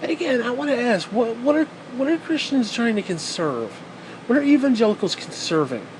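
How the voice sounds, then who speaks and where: A man's voice: extremely high pitch, very animated, brisk, a little hiss or hum, poor audio. A man delivering a heated, profane and sarcastic ranting monologue as a vlogger.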